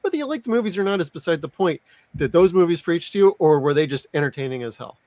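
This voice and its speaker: A man's voice: a little high, animated, quick pace, darkish tone, no echo. Blunt man in a dry recording. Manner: blunt and opinionated. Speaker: podcast guest. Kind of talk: casual podcast chat.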